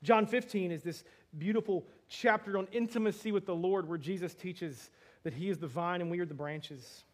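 High-voiced man preaching animatedly. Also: normal speed. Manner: animated, acts out dialogue with laughs and asides. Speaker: pastor. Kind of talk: sermon.

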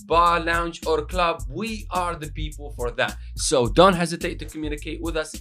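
A man co-hosting a radio show, giving upbeat shout-outs to venues and breaking into playful sing-song chants. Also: fairly high pitch, normal speed, faint music behind. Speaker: radio host.

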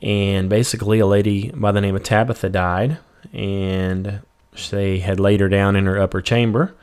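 Man, lowish voice, casual Bible teacher, reads a verse then explains it simply, says "you know" a lot. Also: normal speed, smooth. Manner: reads scripture then paraphrases it plainly; relaxed, with fillers like "you know" and "um". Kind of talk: casual Bible study talk.

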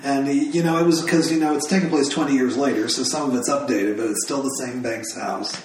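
A man's voice: mid-range voice, fairly even intonation. Guy on a movie podcast, stop-start and fond, far from mic, big echo, faint noise. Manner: fond, halting with restarts. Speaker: podcast panelist. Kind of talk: casual film discussion.

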